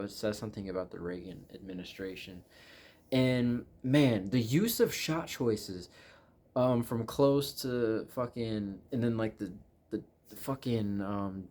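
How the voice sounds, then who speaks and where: A man's voice: lowish voice, darkish tone. A man giving a rambling, casual spoiler recap of a movie, swearing often and restarting his sentences. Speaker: movie reviewer.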